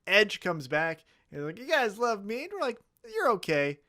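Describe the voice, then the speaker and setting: Animated, profane wrestling podcast man. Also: high voice, normal speed, no echo, studio quality. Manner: animated, profane, acts out mock quotes. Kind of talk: casual podcast chat.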